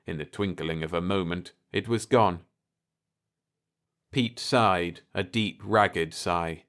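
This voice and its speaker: Male narrator for a bedtime story, calm, very slow delivery. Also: low-pitched. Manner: calm and unhurried.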